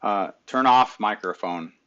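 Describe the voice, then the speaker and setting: A man's voice: lowish voice, a little slow, sharp tone, muffled recording. A middle-aged man hosting a live stream, talking casually through his screen and muttering back at his computer, recorded on a webcam mic. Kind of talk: casual screen-share talk.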